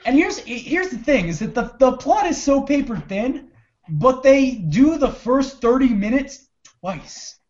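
A man co-hosting a casual movie review chat, animated and profane, quoting scenes in put-on voices. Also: very high voice, unhurried, dull audio. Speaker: podcast co-host.

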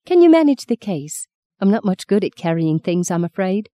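A woman's voice: mid-range voice, big pitch swings, normal speed, warm tone, close to an everyday voice. A woman voicing a chatty, frank Australian farm wife with an Australian accent in a storybook reading. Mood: breezy.

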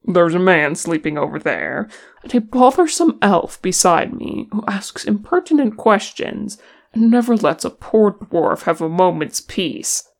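A reader doing a gruff, tired dwarf warrior. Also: medium pitch, animated, a little slow. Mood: gruff teasing. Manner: blunt and grumbling.

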